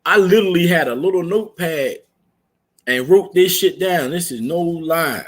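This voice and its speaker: A man's voice: on the high side, normal speed. A man on a casual podcast, telling stories with lots of swearing and laughing as he goes. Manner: storytelling, profane, laughs while telling. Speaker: podcast co-host. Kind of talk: casual chat.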